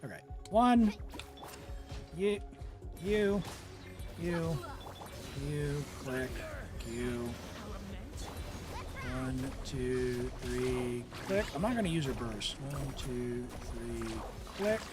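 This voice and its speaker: A man streaming a game, commenting excitedly, talking to his characters and laughing often. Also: mid-range voice, drawn-out words, long pauses, music in the background. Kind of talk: live gameplay commentary.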